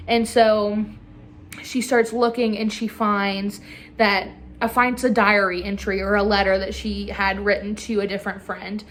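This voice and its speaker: A woman's voice: mid-range voice, little pitch movement, a little slow, a bit bright, slight background noise. A young woman chatting casually as a book reviewer, filling her talk with constant "like"s. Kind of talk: casual chat.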